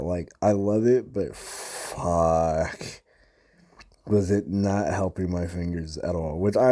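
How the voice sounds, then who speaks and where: Slow, low-voiced swearing young man. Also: mellow. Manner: profane, rambling, slangy. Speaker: gamer recapping a session. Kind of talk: casual ranting storytime. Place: his own room.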